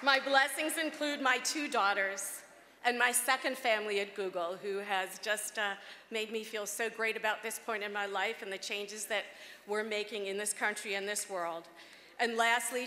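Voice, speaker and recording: A woman's voice: medium pitch, sharp tone. A woman in her fifties giving an award acceptance speech at a gala, heartfelt, with frequent ums and restarts, on a podium microphone. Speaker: award honoree. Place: gala banquet hall. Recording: echoey hall with faint background noise.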